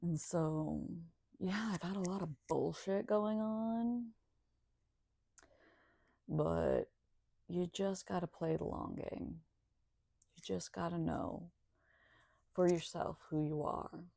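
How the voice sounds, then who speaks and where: A woman's voice: lowish voice, slow, gravelly, pauses often, dark tone, no room sound, studio quality. A woman talking in a casual monologue, sardonic and profane.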